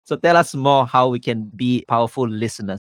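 A man hosts an interview, responding to his guest and framing the next question in a steady, measured voice. He speaks at a medium pitch, and the recording is dry and close. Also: no echo. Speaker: interview host.

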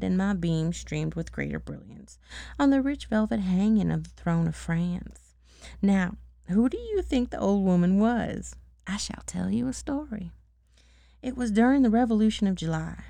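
A woman's voice: medium pitch, warm tone, dry recording. A woman casually reading a storybook aloud, stopping to check words and laugh at her own slips. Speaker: bedtime story reader.

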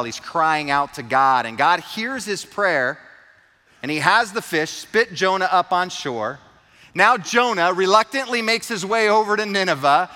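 A man's voice: sits high, pushed and bright, in a large hall. A man preaching a sermon, retelling a story with earnest, emphatic repetition. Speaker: pastor.

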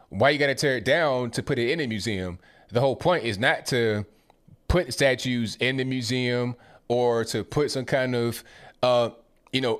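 A man hosting a call-in show, talking in a conversational, slangy, opinionated way. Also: medium pitch. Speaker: talk show host. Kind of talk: casual political commentary.

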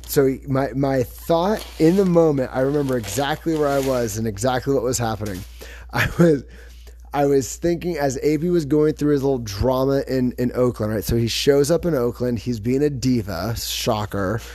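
A man's voice: medium pitch, normal speed, mellow. A man hosting a podcast, chatting casually in a rambling, self-correcting way. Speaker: podcast host. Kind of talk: casual chat about fantasy football.

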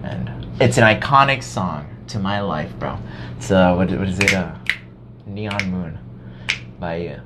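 A young man telling a high school story in casual chat, animated, swearing often and acting out his past self. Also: unhurried, long pauses, very noisy.

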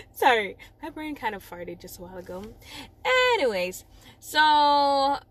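A young Jamaican woman with a Jamaican accent, talking casually about her own past. Her voice sits a little high, and she rambles, doubles back to correct herself and laughs at her own slips. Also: very animated, measured pace. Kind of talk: casual personal storytelling.

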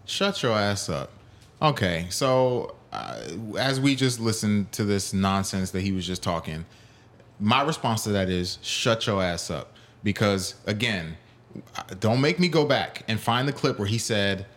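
A man's voice: mid-range voice, expressive, moderate pace, fairly bright tone. A man hosting a solo podcast on fighting sports, reading chat and ranting in a heated, profane way. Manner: heated, profane ranting, voice rising when upset. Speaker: podcast host. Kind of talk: solo MMA podcast, reacting to chat and clips.

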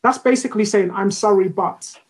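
A woman's voice: medium pitch, fairly quick, slight background noise, low-quality recording. A woman co-hosting a casual podcast discussion, reading posts aloud with frequent ums and laughter. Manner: animated, laughs often, trails off with ums. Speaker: podcast co-host.

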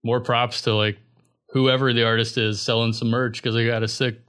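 Man, young adult, podcast guest, casual rambling chat, mid pitch. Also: level tone, moderate pace, fairly bright tone, clear, resonant tone. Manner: rambling, filler-heavy, laid-back. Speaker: guest musician.

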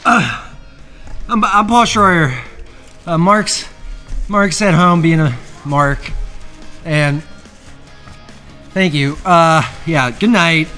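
A man's voice: fairly high pitch, extremely slow, long pauses, bright, forceful tone, soft background music. A podcast host man, teary and sniffling, groaning and laughing through a hot wing challenge in casual chat. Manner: groaning and laughing, overwhelmed by heat.

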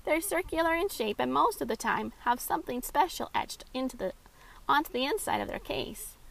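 A woman's voice: high-pitched, animated, normal speed, creaky, fairly bright tone, pitched above the performer's own voice, heavily acted, low-quality recording. A woman voicing a patient young girl who explains things to younger kids.

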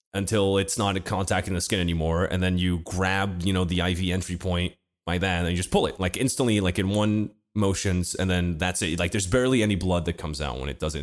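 A young man chatting casually, telling a hospital story with plenty of swearing and filler words. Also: sits low. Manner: animated, swears often, lots of fillers.

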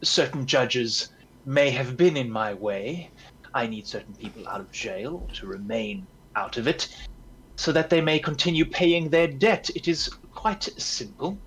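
A smooth, scheming advocate, as a man puts him on, speaks slowly and calmly in a haughty, measured way in a fantasy game. His voice sits at an ordinary middle pitch. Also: slight background noise, close to an everyday voice, rough recording. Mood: smug, calm. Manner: calm, measured, condescending.

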